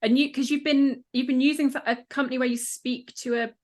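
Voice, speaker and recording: A woman's voice: high voice, fairly even intonation, brisk. A woman from northern England, a podcast host, telling a chatty anecdote with self-mocking laughs. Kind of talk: casual chat.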